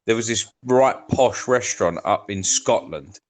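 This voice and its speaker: A man's voice: lowish voice, measured pace. A man, hosting a casual podcast chat and telling rambling stories full of swearing. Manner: swearing, storytelling with acted quotes. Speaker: podcast host.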